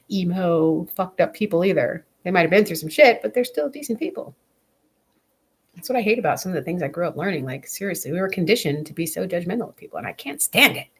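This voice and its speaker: Casting: young woman vlogger, low gravelly voice, swings widely in pitch, swears freely. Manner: blunt, profane, rambling. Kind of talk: casual vlog chat.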